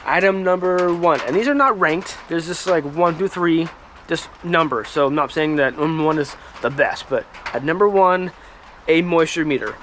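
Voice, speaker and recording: A man hosting a firewood channel, talking casually to camera outdoors in halting speech full of ums and restarts. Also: fairly high pitch, fairly bright tone. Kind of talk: casual vlog talk to camera. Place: outdoors by a woodpile, rain and traffic nearby. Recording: light rain and road noise behind.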